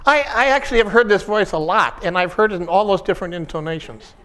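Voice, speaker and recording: A man with a notably high voice gives a reflective workshop talk, the way a pastoral counselor speaks to a gathered group. He talks in short, measured phrases, pausing between thoughts in a contemplative manner. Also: a bit bright.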